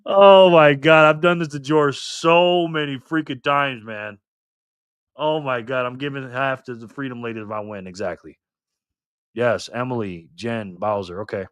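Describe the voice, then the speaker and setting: A man hosting a live stream in a loose, joking way, reading the chat messages out loud. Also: medium pitch, moderate pace, clear, resonant tone, no echo, clean studio sound. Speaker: livestream host.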